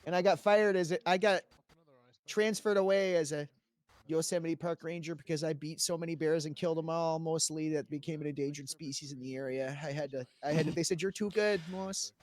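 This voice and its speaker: A man telling a dramatic, profane in-character story during a role-play stream, swinging between hushed and loud. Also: on the high side, level tone, brisk, dry recording.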